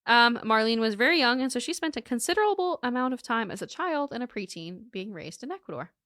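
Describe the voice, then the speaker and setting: A woman's voice: fairly high pitch, very animated, fast, fairly bright tone, no room sound, clean studio sound. A woman co-hosting a podcast, telling a true crime case in a casual, joking way and laughing often.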